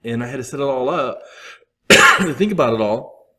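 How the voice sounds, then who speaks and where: A man's voice: mid-range voice, expressive, moderate pace, sharp tone. A man in his thirties giving a candid, rambling talk to a recovery group, acting out his own asides. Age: 30s.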